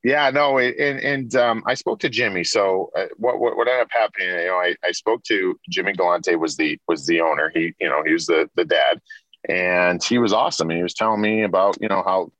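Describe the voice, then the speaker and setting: Brief: lower-voiced man, 40s, ex-athlete guest, rambling storyteller, dry close recording. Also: brisk, a bit bright, no echo. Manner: rambling, many restarts and repeats. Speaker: interview guest, former pro hockey player. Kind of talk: casual storytelling interview.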